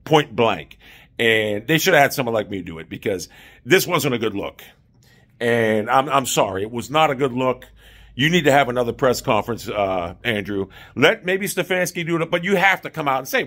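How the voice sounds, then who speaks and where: A man's voice: fairly high pitch, lively intonation, moderate pace, a bit bright. Emphatic self-assured man giving sports opinions. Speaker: sports commentator. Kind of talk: opinionated solo commentary.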